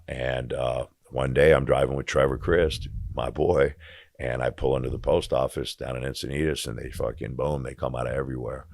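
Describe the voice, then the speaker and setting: A man's voice: rumbling low, gravelly, no room sound, studio quality. A man telling his story as a podcast guest in blunt, profane casual talk, acting out the dialogue as he goes.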